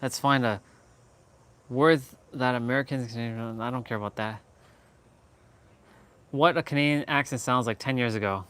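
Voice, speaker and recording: A man's voice: mid-range voice, fairly even intonation, moderate pace, pauses often, fairly bright tone, clear, resonant tone. A man hosting a casual live stream, rambling and correcting himself as he goes. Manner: rambling, self-correcting, laughs a lot.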